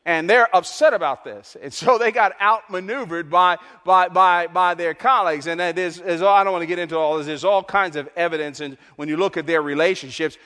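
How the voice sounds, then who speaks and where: High-voiced preacher in a reverberant hall. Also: male voice. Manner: emphatic preacher, repeats lines, swings from loud to hushed. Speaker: pastor. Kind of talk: sermon. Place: large church hall. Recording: long reverb of a large hall.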